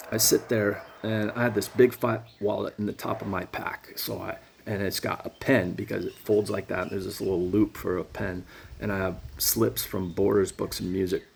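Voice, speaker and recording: A man telling a rambling personal story in a casual, animated way. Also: low voice, gravelly, a little hiss or hum. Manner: animated, casual, jumps between thoughts.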